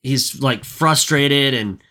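A man's voice: mid-range voice, slow pace, sharp tone. A man co-hosting a podcast, recapping a movie in casual chat, profane and ranting with lots of filler words. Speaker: podcast co-host.

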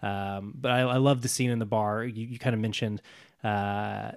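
A man co-hosting a casual film podcast, animated and rambling, laughing often as he talks. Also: fairly low pitch, moderate pace, gravelly, smooth, dry recording. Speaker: podcast co-host.

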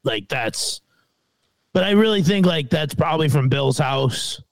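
A man's voice: a little high, lively intonation, measured pace, gravelly, dry recording. A man co-hosting a podcast in casual chat, wry and teasing, firing off questions. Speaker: podcast co-host.

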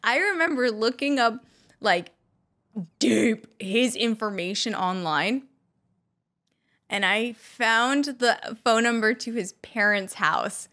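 A young woman telling animated, self-mocking stories to her viewers. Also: on the high side. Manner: animated, self-mocking, acts out quotes in loud squeals. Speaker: vlogger. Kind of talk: casual storytelling to camera.

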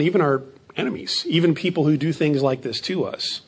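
Husky-voiced pastor with a lilt. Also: male voice, a little high, normal speed, few pauses. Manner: conversational, asks rhetorical questions, repeats phrases. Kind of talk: midweek Bible study teaching.

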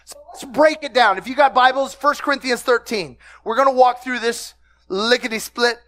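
At a moderate pace, a very high-pitched pastor gives a lively, humorous sermon to his congregation. Questions to the listeners are punctuated by laughter and shouted exclamations.

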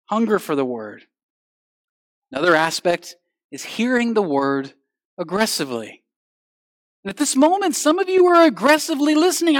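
A man's voice: extremely high pitch, fairly bright tone, no room sound, clean studio sound. A man preaching a sermon as pastor, voice rising and falling sharply, acting out the voices in his stories. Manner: acts out quoted voices in stories.

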